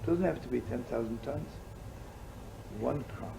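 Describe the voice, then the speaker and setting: A man's voice: medium pitch, unhurried, gravelly. A man, a rabbi, telling stories in a live sermon, rambling and playful with asides, laughter and Yiddish words. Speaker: rabbi and storyteller. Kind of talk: storytelling sermon to a live audience. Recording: old live recording with loud hiss.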